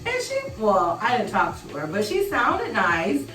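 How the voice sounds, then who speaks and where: A young beauty vlogger with a mid-range voice chats in an animated, casual way, telling her viewers a story at a measured pace while doing her makeup. She sounds slightly distant from the mic in an echoey room, and faint music plays in the background.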